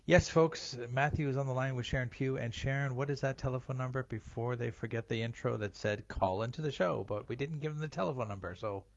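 A man's voice: medium pitch, quick pace, vocal fry, hardly any pauses, dry recording. A man co-hosting a psychic call-in radio show, bantering playfully. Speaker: psychic medium and radio co-host. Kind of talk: casual talk radio chat. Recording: dry, lo-fi line.

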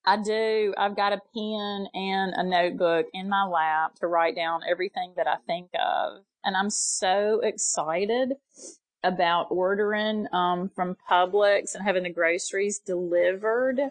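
A middle-aged woman in a casual chat, responding with quick encouraging interjections. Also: medium pitch, fairly even intonation, dry recording.

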